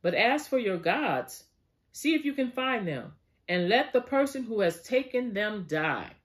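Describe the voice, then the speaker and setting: A younger man answers an accusation earnestly, as a Bible teacher reads his part. The delivery is defensive and swings in pitch. It sounds plain rather than theatrical. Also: big pitch swings, a little slow, fairly bright tone.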